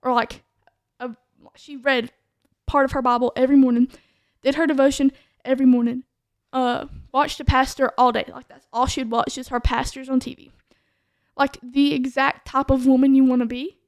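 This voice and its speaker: High-voiced chatty woman. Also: little pitch movement, moderate pace, no room sound, clean studio sound. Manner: chatty, full of "like" fillers. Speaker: podcast co-host sharing her testimony. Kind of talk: casual testimony chat.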